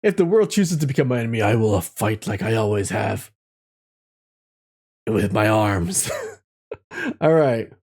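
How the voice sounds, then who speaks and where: Lively-voiced man chatting on a stream. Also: mid-range voice, normal speed, vocal fry. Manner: reflective and encouraging, reads chat aloud, laughs often. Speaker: live streamer reading chat. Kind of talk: casual live-stream chat and tarot reading.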